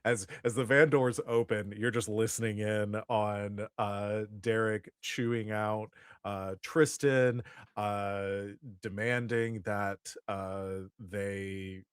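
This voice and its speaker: A man's voice: fairly low pitch, steady tone, slow pace, clean tone, no room sound, studio quality. A man narrating a tabletop role-playing game as game master, rambling with many fillers and restarts.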